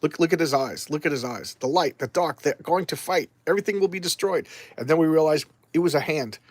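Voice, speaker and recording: A man's voice: fairly high pitch, a little fast, no echo. A man casually reviewing comic books, retelling the story in an enthusiastic, rambling way. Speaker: comics collector vlogger.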